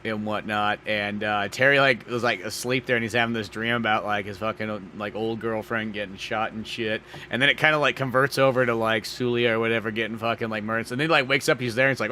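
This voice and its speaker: Bright-voiced man in loose podcast chat. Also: on the low side, fast, few pauses, a little hiss or hum. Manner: animated, swearing, acting out scenes in goofy voices. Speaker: podcast co-host. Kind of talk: casual chat.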